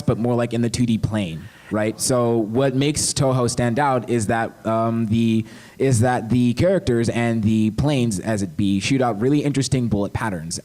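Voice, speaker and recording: A man's voice: mid-range voice, darkish tone. A man on a convention panel, rambling through an explanation of a game style. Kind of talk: casual panel chat.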